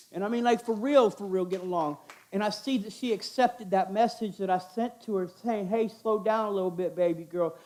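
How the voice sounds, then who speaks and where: A man's voice: high-pitched, darkish tone. A middle-aged man giving an informal, earnest sermon in a conversational, repetitive way. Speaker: chapel speaker.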